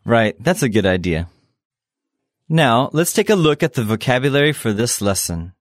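A man's voice: mid-range voice, big pitch swings, normal speed, heavy background noise. A man hosting a language lesson, explaining a dialogue and introducing vocabulary. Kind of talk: scripted lesson presentation.

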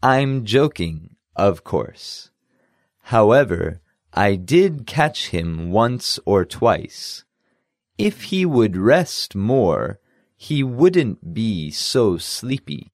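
A man's voice: mid-range voice, dry recording, clean studio sound. A man voicing a friendly university professor in a scripted dialogue for a language lesson. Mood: slow, clear. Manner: relaxed, friendly, reads lines then slowly repeats them.

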